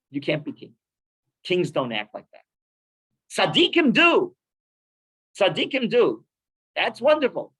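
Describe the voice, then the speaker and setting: A man teaching a lively weekly Torah class in a synagogue, animated and full of Hebrew terms. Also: high voice, low-quality recording. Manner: animated, with many Hebrew terms and quick laughs.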